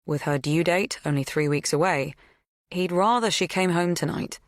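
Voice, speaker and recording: A woman narrating an audiobook thriller in a measured, even scripted delivery. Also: fairly low pitch, no room sound, clean studio sound.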